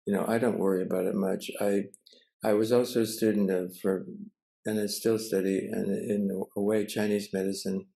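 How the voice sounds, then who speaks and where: Gravelly, deep older man. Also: level tone, dark tone, low-quality recording. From United States. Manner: halting, many restarts and pauses. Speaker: Zen teacher and cook. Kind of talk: casual storytelling.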